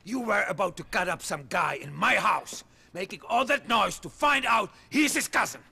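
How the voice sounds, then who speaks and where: An actor playing a volatile mob boss who yells furiously in a video game cutscene. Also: male voice, sits high, expressive, normal speed, creaky, slightly rough, exaggerated voice. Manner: yelling, explosive.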